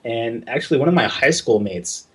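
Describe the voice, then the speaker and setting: A man's voice: mid-range voice, animated, normal speed, slightly rough. A young man from Southern California telling a casual, profane story as a guest in an interview. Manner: casual, profane, acts out quoted dialogue in his telling. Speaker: guest concept artist.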